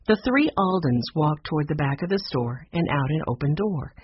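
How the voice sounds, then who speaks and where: Husky man narrating a children's audiobook. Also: fairly high pitch, lively intonation, moderate pace, no echo. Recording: dull muffled recording.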